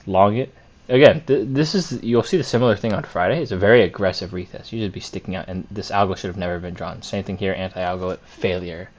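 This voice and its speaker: A man with a fairly low voice walks through his trades, openly picking apart his own mistakes. He thinks out loud, with fillers and restarts as he goes. The recording sounds dull and lo-fi. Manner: self-critical, candid, thinks aloud with fillers. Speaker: day trader reviewing his week. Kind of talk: screen-share trade review.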